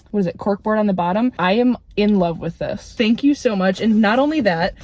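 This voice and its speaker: A woman book vlogger chatting casually in a parked car, gushing and excitable, laughing often as she talks. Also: mid-range voice. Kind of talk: casual vlog chat.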